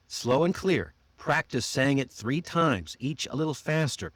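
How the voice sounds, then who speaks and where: A man with an American accent, coaching pronunciation in a livestreamed lesson and demonstrating words slowly and deliberately. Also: on the high side, lively intonation, fairly bright tone, dry recording. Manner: slow, drawn-out demonstrations of words.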